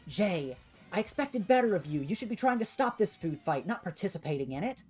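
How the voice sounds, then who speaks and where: A woman's voice: fairly low pitch, big pitch swings, a little fast, a little mellow, husky, faint music behind, voice pushed up. Woman voicing a stern teen girl leader. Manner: scolding, lecturing.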